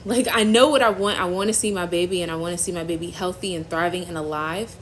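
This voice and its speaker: A young woman hosting a faith-based phone live stream, giving an emotional personal testimony in a halting, earnest way, near tears. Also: on the low side, steady tone, slight background noise, rough recording. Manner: halting, earnest, trailing off and restarting.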